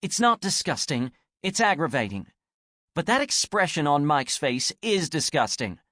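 A man reading an audiobook and voicing an exasperated young woman who snaps indignantly, her voice rising high. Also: big pitch swings, moderate pace, bright, forceful tone, no room sound, clean studio sound. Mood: angry. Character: exasperated young woman, sharp-tongued and desperate. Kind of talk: audiobook character voice.

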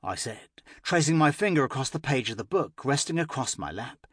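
Husky-voiced man narrating an audiobook. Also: medium pitch, brisk, dry recording, clean studio sound. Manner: expressive, emotional storytelling. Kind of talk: first-person audiobook narration.

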